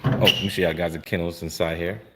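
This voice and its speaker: A man's voice: low voice, level tone, quick pace, very noisy. A man breeding dogs, vlogging live at night outdoors in his kennel yard, rambling and talking to himself as he films on his phone. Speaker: dog breeder. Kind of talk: casual live vlog. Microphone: handheld phone camera. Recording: loud crickets and insects at night. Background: crickets and night insects.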